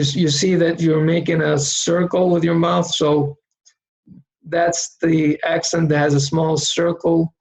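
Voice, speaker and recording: A man's voice: fairly high pitch, gravelly, poor audio. A man teaching how to read Arabic letters, patiently sounding out single syllables for the learner to repeat. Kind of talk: slow recorded lesson drilling syllables.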